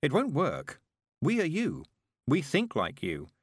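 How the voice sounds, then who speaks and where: A man's voice: fairly high pitch, huge pitch swings, unhurried, slightly rough, no room sound, clean studio sound, pitched above the performer's own voice, full character voice. A man voicing a sinister shape-shifting creature that speaks as a girl, coaxing and menacing.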